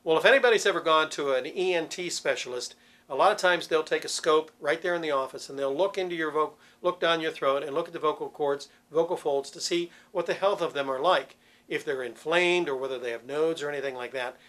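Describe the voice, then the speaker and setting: A man teaching church cantors vocal warm-ups, explaining patiently and demonstrating sounds. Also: a little high, brisk. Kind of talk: instructional talk with sung demonstrations.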